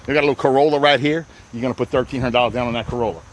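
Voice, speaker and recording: A man, a used car dealer, walking his outdoor lot in a folksy hard-sell sales pitch and calling out to the people watching. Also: steady tone, racing, a little hiss or hum.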